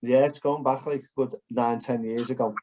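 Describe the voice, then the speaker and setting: A man with a Liverpool accent co-hosting a podcast in casual chat, blunt and quick to swear. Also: medium pitch, steady tone, warm tone. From Liverpool, England. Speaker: podcast co-host. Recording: dull lo-fi podcast audio.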